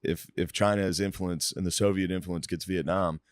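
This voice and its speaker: A man with a very low voice talks bluntly and casually, swearing offhandedly. The recording is dry and close. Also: steady tone, moderate pace, no room sound. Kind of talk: casual chat.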